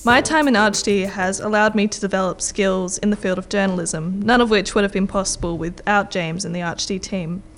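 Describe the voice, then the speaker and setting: A woman's voice: medium pitch, fairly even intonation, moderate pace, hardly any pauses, music in the background. A young woman, a radio announcer, giving a prepared speech in a wry, self-deprecating way. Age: young adult.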